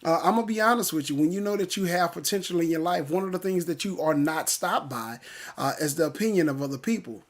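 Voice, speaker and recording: Upbeat livestream host, fairly high voice. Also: male voice, fast. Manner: energetic, repetitive greetings, frequent "uh" fillers. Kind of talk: upbeat morning livestream motivational talk. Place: indoors, home.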